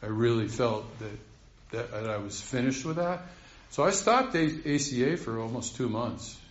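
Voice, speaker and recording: A man's voice: medium pitch, lively intonation, moderate pace. An older man rambling through a heartfelt recovery share, laughing often. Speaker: speaker sharing at a recovery meeting. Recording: roomy, dull recording.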